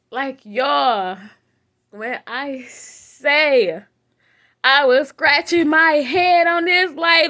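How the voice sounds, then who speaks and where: A woman giving a casual faith talk to her phone camera, animated and swinging from loud laughter to hushed near-whispers. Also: high voice, slow. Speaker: vlogger.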